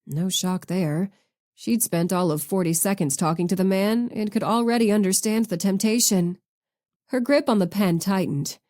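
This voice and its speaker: A woman narrating a novel audiobook in a measured, expressive way. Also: mid-range voice. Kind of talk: scripted narration.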